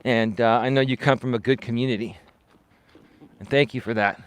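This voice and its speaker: A man's voice: medium pitch, steady tone, moderate pace, clear, resonant tone. A man, a life coach, chatting casually on a livestream while out walking, reading viewer comments and answering them. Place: outdoors on a walk.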